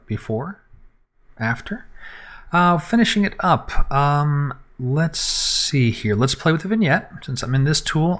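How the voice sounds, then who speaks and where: A man's voice: mid-range voice, a bit bright. A man, possibly middle-aged, talking through a photo edit live and unscripted, thinking aloud step by step with frequent fillers. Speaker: photographer teaching photo editing. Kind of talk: unscripted live screen-recorded editing tutorial.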